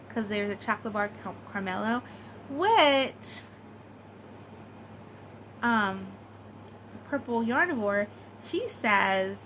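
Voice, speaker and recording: A woman's voice: mid-range voice, moderate pace, pushed and bright, a little hiss or hum, low-quality recording. A woman chatting casually and giggling, with many fillers, as she answers a tag. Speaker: craft vlogger.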